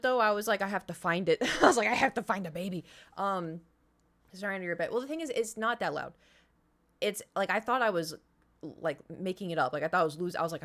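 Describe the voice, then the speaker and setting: A woman's voice: on the low side, fairly bright tone. Chatty woman telling stories. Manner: chatty storytelling with sound effects and whispered swearing. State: voice slightly strained. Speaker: streamer. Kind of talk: casual chat to a live stream audience.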